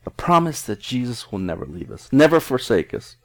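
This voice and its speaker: A man's voice: medium pitch, wildly swooping pitch, brisk, creaky. Middle-aged man preaching a sermon. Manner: earnest, conversational preaching with frequent restarts. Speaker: pastor.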